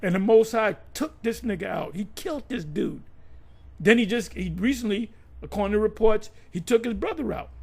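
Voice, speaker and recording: A man's voice: high-pitched, normal speed, gravelly, darkish tone, slightly rough. A man preaching in a combative, profane rant, stumbling over and repeating his words. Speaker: religious teacher.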